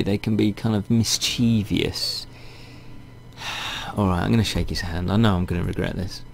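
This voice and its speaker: Gravelly man reading a game aloud. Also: fairly low pitch. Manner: wry, chatty, thinks aloud. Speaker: gaming channel host.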